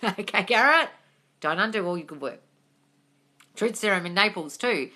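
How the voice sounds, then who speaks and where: Woman, host on a phone live stream, very bright tone, chatty, swears, calls everyone darling. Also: mid-range voice, animated, moderate pace. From England.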